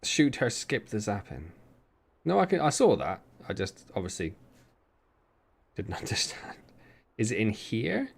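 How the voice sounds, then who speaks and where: A man's voice: lowish voice, big pitch swings, a little slow, gravelly, pauses often, husky. A man with a West Country accent, chatting and joking casually while streaming a game. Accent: West Country English. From West Country, England. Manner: chatty, joking, laughs often. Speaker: gaming streamer.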